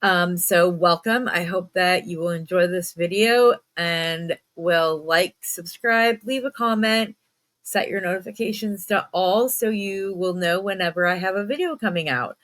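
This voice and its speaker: A woman's voice: on the low side, unhurried, a bit bright. A woman with a stuffed-up voice hosting a casual bead unboxing, chatty with frequent ums and little self-mocking laughs. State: stuffed up, lower energy. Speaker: beading channel host.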